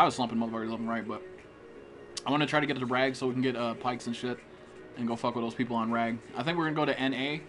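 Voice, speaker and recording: Dude live-streaming a game, swears nonstop and talks trash, ordinary pitch, bit of music playing quietly. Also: male voice. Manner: profane trash-talk, greeting chat viewers. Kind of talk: live gameplay commentary.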